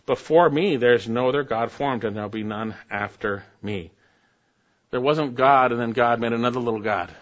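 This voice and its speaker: Emphatic preaching man, muffled sound. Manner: emphatic preaching with sharp rises in pitch and loudness, reading scripture aloud. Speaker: pastor. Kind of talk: sermon.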